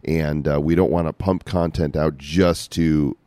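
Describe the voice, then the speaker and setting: Deep, mellow man co-hosting a podcast. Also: steady tone, measured pace, dry recording. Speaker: podcast co-host. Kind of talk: casual chat.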